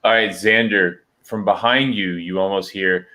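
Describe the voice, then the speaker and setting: A man with a low voice narrates as game master of a tabletop game. He describes the action steadily and calls for dice checks. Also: normal speed, sharp tone.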